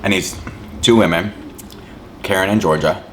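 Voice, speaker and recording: At a moderate pace, a deep-voiced mukbang vlogger makes casual conversation with viewers while eating, a little hiss or hum in the background. He rambles, peppers his speech with "like," and chews and hums between lines.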